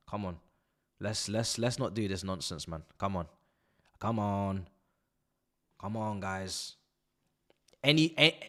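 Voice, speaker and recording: A young man, doing live watch-along commentary on a football match as a fan streamer, ranting in exasperation and mocking the play. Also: on the low side.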